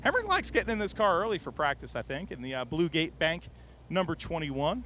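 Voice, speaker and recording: A man hosting casual interviews in an outdoor race garage, loud and jokey. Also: a little high, very animated, a little hiss or hum. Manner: loud, jokey, quick to exclaim. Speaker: garage reporter and host.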